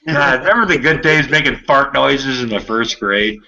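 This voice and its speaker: A man's voice: mid-range voice, normal speed, vocal fry, noisy background. A man hosting a casual group video chat, talking in a chatty, crude and joking way. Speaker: podcast host. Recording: dull lo-fi video-call audio.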